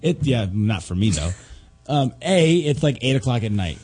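Husky, animated man joking around. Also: mid-range voice, normal speed. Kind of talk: casual chat.

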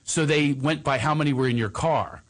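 A man's voice: a little high, normal speed. A middle-aged man telling comic, self-mocking anecdotes on a talk show, slipping into voices as he goes. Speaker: guest storyteller.

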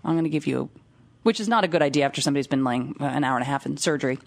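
A woman in casual chat, telling a story with lively acted-out quotes and frequent laughs. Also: rumbling low, rapid-fire, vocal fry. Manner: animated storyteller, acts out quotes, laughs often.

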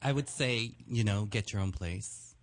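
A man speaking as a guest with a soothing, deep radio voice, calm and measured. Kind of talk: casual chat.

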